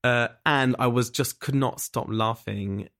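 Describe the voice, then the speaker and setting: A man's voice: mid-range voice, measured pace, fairly bright tone. A man in his thirties telling candid personal stories in casual chat, laughing often as he talks. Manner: chatty, laughing often, frank.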